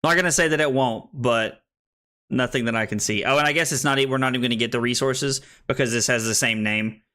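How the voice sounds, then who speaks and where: A man's voice: mid-range voice, fast talker, bright, forceful tone. A young American man casually commenting on his card game stream, thinking aloud with many restarts. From United States.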